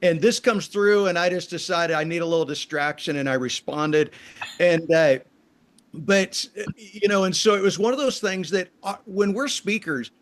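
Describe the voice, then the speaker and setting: Man, pastor, podcast guest, relaxed rambling talk, high-pitched. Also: moderate pace. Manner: relaxed, rambling explanations with fillers. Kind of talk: casual interview talk.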